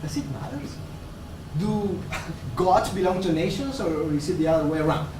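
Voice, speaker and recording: A man playing a wry, knowing ancient god who lectures the others with gentle amusement, in a stage play. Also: high voice, animated, moderate pace, recorded from a distance. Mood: amused. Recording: roomy stage, picked up from afar, noisy.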